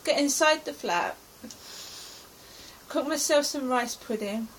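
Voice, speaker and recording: A woman's voice: sits high, slow, slight background noise, poor audio. A middle-aged woman from England giving an anxious, rambling account of her day as a personal diary. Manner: anxious, rambling present-tense retelling. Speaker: vlogger.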